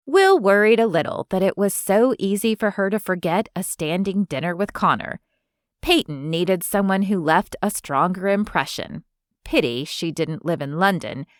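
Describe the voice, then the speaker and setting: A woman reading romance fiction aloud as an audiobook narrator in an even, smooth storytelling manner. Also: medium pitch, dry recording, clean studio sound. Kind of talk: scripted narration.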